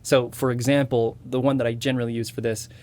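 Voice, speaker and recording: A man's voice: mid-range voice, level tone, fast talker, a little mellow, slight background noise. A man with a slightly nasal voice, a voice actor and impressionist guest explaining his techniques step by step in casual interview chat.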